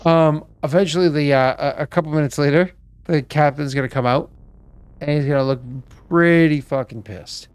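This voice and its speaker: A man's voice: on the high side, normal speed, smooth, dry recording. A man narrating a tabletop game as game master, hesitant, with many fillers and restarts.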